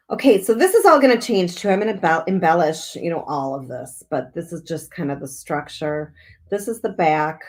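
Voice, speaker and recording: A middle-aged woman hosting a live craft stream, chatting brightly, laughing often and reading out viewer comments as she works. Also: low-pitched, vocal fry. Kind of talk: casual live-stream chat while crafting.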